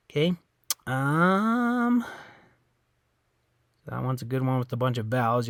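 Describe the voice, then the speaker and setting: A man teaching a Spanish pronunciation lesson, patient and repetitive, often pausing to check understanding and saying words slowly. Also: medium pitch, expressive, no echo. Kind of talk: classroom lesson explanation.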